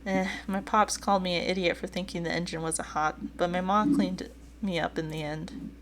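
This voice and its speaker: A woman's voice: on the low side, steady tone, moderate pace, background noise, close to an everyday voice. Woman voicing Stan, a folksy joking old boater. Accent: light put-on Southern drawl. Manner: teasing, folksy storytelling. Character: folksy joking older male boat owner. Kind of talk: dating game read-aloud.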